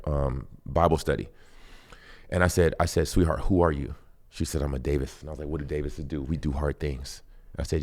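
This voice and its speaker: A man telling personal stories on a podcast in a lively way, acting out both sides of conversations. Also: extremely low pitch. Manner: animated, acts out both sides of dialogue. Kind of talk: casual storytelling.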